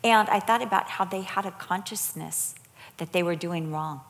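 A middle-aged woman in a casual Christian talk discussion, animated and acting out the people in her stories. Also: fairly low pitch, moderate pace, in a large hall. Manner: animated storyteller, acts out quotes. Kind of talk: casual faith discussion, storytelling.

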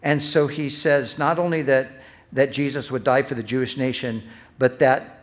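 A man's voice: mid-range voice, fairly even intonation, normal speed. A middle-aged man preaching a sermon as pastor. He speaks earnestly, building emphasis on repeated phrases, and restarts his sentences when he speaks off the cuff.

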